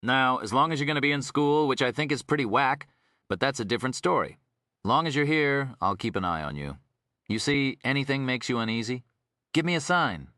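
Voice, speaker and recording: A man voicing a soft-spoken, easygoing male detective with a lazy drawl. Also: mid-range voice, lively intonation, brisk, no echo, studio quality, pitched above the performer's own voice.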